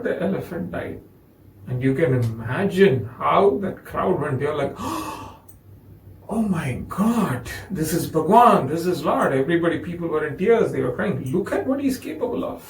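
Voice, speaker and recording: A man's voice: sits high, vocal fry, reverberant, far from the mic, poor audio. A man with an Indian English accent telling a spiritual story in a discourse, acting out the voices of its characters. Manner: animated storytelling with acted quotes. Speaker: spiritual speaker.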